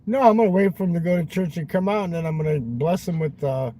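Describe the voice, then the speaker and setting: Crude, rambling man with a mellow voice. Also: on the high side, fast, slight background noise, rough recording. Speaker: live-stream vlogger. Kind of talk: rambling live-stream chat. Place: parked car at night.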